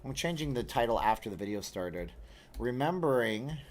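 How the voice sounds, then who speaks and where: A man's voice: medium pitch, sing-song, normal speed. A man in his thirties hosting a casual livestream, reading viewer comments aloud and answering them. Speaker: livestream host.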